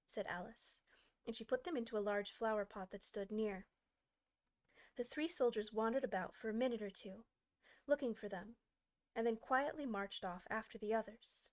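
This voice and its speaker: A woman reading a classic children's book aloud as an audiobook, with expressive, varied pacing. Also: medium pitch, moderate pace. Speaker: audiobook reader. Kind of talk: scripted audiobook narration.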